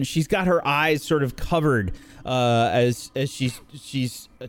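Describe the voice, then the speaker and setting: A man narrating as game master in a tabletop game, relaxed and thinking aloud as he goes. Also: mid-range voice.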